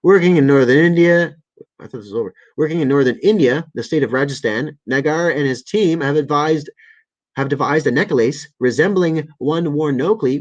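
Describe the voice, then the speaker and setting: A man at a middle pitch hosts a loose livestream chat. He reads articles and comments aloud, trips over words, corrects himself and swears freely. He sounds a bit tired. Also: normal speed, rough recording. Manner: stumbling, self-correcting reading with frequent swearing. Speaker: livestream host. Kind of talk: casual live-stream chat, reading articles and viewer comments.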